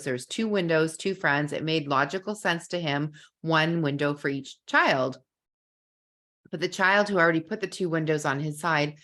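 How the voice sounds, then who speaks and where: A woman's voice: low-pitched, fairly bright tone. A woman who teaches kindergarten, earnestly telling a story in a live parenting masterclass and repeating words as she thinks.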